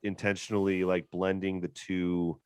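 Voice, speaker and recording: Hesitant rambling American podcast host. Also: male voice, sits low, flat delivery, moderate pace, smooth, dry recording, studio quality. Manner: rambling, hesitant, many fillers. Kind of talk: casual group chat.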